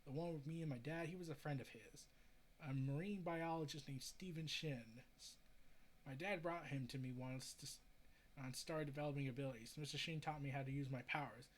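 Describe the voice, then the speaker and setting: Brief: brooding grown male sea hero read by a man, low and quiet, fairly high voice. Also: a little fast, lightly acted. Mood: somber.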